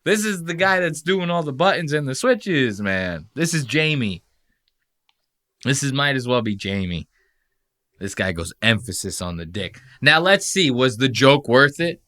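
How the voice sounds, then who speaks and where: Profane, animated male podcast host. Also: medium pitch. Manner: profane, animated, mocking impressions. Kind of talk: casual commentary reacting to clips.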